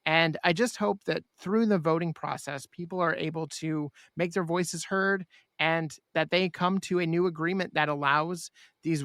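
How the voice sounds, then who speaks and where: A man's voice: fairly high pitch, a bit bright, no echo, studio quality. A man hosting a podcast, talking in an earnest, enthusiastic way. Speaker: podcast host. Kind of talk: casual chat.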